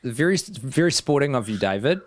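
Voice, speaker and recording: A man's voice: medium pitch, very animated, fairly quick, a little hiss or hum. A man hosting a comedy quiz over a video call, chatty and teasing the players. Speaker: quiz host.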